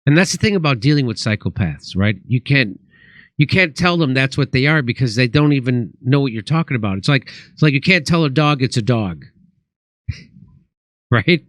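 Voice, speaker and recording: A man's voice: mid-range voice, lively intonation, normal speed, a bit bright, no room sound. Storytelling male talk show host. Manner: storytelling with acted-out quotes. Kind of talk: comedic talk show banter.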